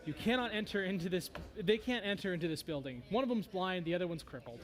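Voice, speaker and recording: A man's voice: sits high, expressive, quick pace. A man running a tabletop game as game master, narrating loosely with many fillers.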